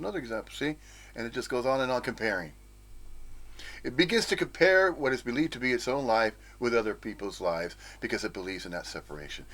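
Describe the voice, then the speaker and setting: A man from the United States giving an informal, rambling spiritual talk, with frequent chuckles and playful asides. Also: mid-range voice. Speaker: spiritual teacher.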